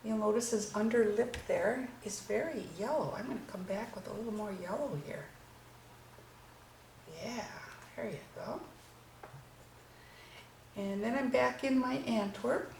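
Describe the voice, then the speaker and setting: A woman's voice: a little high, unhurried, creaky, long pauses, a little mellow. Chatty woman painting watercolors n explaining as she goes, roomy echo, faint hiss. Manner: enthusiastic, chatty while working. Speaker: watercolor instructor. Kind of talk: painting demonstration. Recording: echoey room with faint noise.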